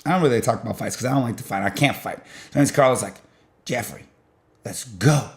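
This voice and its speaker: A man's voice: very fast, gravelly. A young man telling a long story in a loose, rambling way, full of filler and sound effects. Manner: rambling, peppered with "blah blah" and "boom"; animated, jumps in loudness while retelling. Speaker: vlogger.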